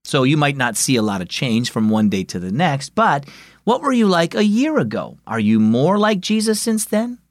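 A man hosting a children's devotional radio show, reading a story in a friendly, expressive storyteller manner. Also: a little high, moderate pace, no room sound, studio quality. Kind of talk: scripted storybook narration for children.

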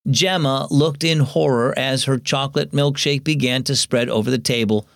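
A man's voice: mid-range voice, steady tone, normal speed, gravelly, fairly bright tone, no echo, clean studio sound. A man hosting a children's devotional radio show, narrating a story and teaching in a scripted way.

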